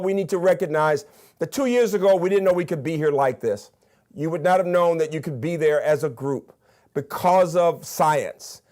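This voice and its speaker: An older Southern man delivers a commencement address with eager emphasis. His voice sits a little high for a man, and he ticks off his points one by one. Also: darkish tone. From Birmingham, Alabama. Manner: emphatic, enthusiastic, counts off points. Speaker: commencement speaker, university president.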